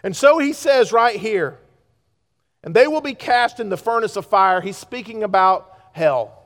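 A pastor preaching a sermon to his congregation, with pleas that swing from loud urgency to hushed earnestness. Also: high voice, animated, unhurried, big-room sound. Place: church sanctuary.

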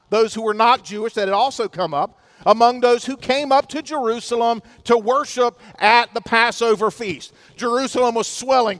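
A man's voice: very high-pitched, fairly bright tone, no echo. A middle-aged male pastor preaching a sermon, earnest and storytelling, with touches of humor.

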